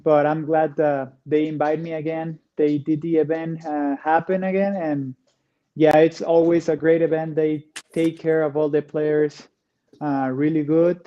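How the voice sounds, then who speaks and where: A man from Mexico with a Spanish accent, a guest answering interview questions in an easygoing way, pausing often on "uh.". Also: a little high, little pitch movement, lo-fi sound. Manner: easygoing, frequent "uh" pauses. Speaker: guest, pro racquetball player.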